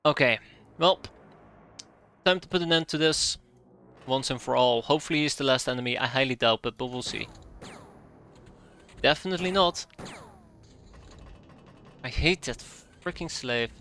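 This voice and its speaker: A man's voice: medium pitch, normal speed, long pauses, pushed and bright, a little hiss or hum. A young man streaming a strategy game live, giving sarcastic, exasperated running commentary and muttering through his calculations.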